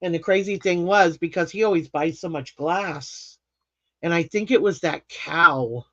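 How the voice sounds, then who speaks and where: A woman's voice: on the low side, measured pace, no room sound. A woman hosting a live craft stream, chatting casually, laughing often and rambling through restarts. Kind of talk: casual chat while reading comments. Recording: slightly muffled dry live stream audio.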